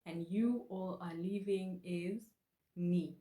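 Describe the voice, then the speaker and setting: A woman gives an online language lesson at a slow, patient pace, repeating each word so learners can follow. Her voice sits a little low. The room around her rings with echo. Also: a little mellow. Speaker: language teacher.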